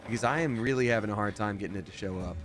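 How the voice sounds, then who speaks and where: A man's voice: fairly low pitch, very fast, a bit bright. Chatty man streaming a game. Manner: chatty, rambling, reads chat aloud. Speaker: streamer and voice actor. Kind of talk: casual livestream gameplay chat. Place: home recording setup.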